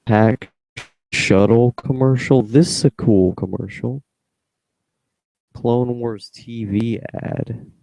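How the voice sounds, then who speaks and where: A man's voice: mid-range voice, steady tone, slow, vocal fry, pauses often, warm tone, no echo. A young man rambling to himself as he edits his podcast, humming and trailing off in a self-deprecating way. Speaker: podcaster editing his show. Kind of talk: casual mumbled self-talk.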